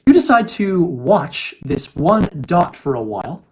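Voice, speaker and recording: A man's voice: sits high, sing-song, measured pace, a little hiss or hum. A man casually presenting an astronomy lesson on a livestream. He talks in a chatty way, repeats phrases and keeps checking in with "okay?".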